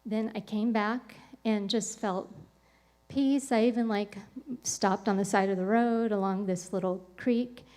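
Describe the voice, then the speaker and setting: A woman's voice: medium pitch, a little mellow. A woman speaking on a podcast, telling a personal story in a casual, rambling way with lots of "like" and "um". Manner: rambling, full of "like" and "um" fillers.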